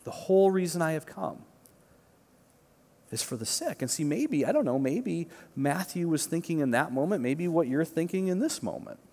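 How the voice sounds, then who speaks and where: A man's voice: on the high side, big pitch swings, moderate pace, mellow. A male pastor giving a conversational sermon, emphatic, with repeated words and frequent "right?" asides. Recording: long reverb of a large hall.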